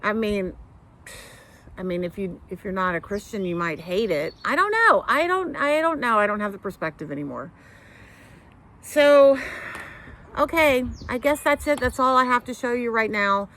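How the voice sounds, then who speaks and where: Her voice is medium-pitched at a moderate pace, with long pauses and slight background noise. A middle-aged knitting podcaster, she sits on her home couch chatting to camera, rambling animatedly with fillers and hand gestures.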